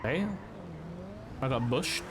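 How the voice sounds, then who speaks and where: A man's voice: medium pitch, slow pace, creaky, noisy background. A man streaming a police roleplay game, chatting casually with lots of fillers and swearing. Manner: rambling, swears freely, many fillers. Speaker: streamer playing a police officer.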